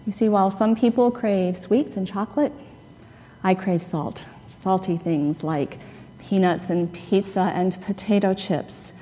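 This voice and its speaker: A woman pastor giving a conversational, gently humorous sermon, stressing key words. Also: mid-range voice, measured pace, slight background noise. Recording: long reverb of a hall.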